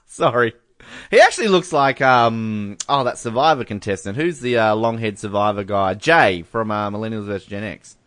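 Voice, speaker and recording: A man's voice: fairly low pitch, moderate pace, fairly bright tone, no echo, clean studio sound. A man co-hosting a casual podcast, joking and laughing often as he reads out fan messages. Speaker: podcast co-host. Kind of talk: casual chat.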